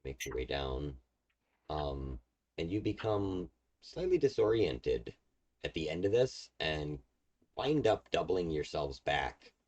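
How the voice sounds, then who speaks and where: Deep-voiced man running a tabletop game. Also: sing-song, slow pace, darkish tone. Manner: loose, rambling, many fillers and restarts. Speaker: game master.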